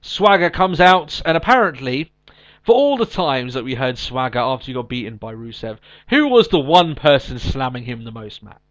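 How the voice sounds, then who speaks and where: A man's voice: mid-range voice, very animated, normal speed, a bit bright, highs cut off. A man co-hosting a podcast in casual chat, recapping with lots of ums and restarts. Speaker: podcast co-host.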